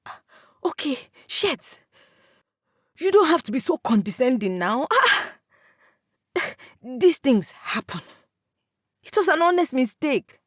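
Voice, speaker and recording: A woman's voice: lowish voice, slow pace, long pauses, no room sound, clean studio sound. Woman voicing a clumsy, apologetic younger brother in an audio story, pleading. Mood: defensive. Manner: pleading, defensive.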